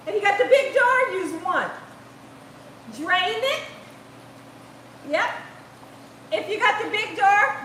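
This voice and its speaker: A woman's voice: very high voice, fairly bright tone, roomy sound, slight background noise, low-quality recording. A woman hosting a live cooking stream, chatty and laughing often as she reads the chat aloud. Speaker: cooking channel host. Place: home kitchen.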